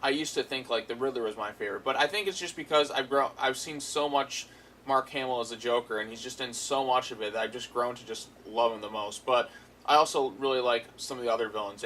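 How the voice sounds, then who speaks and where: Bright-voiced man rambling casually. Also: medium pitch, slight background noise, poor audio. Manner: rambling, filler-heavy, amused. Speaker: episode reviewer. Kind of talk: casual spoken review.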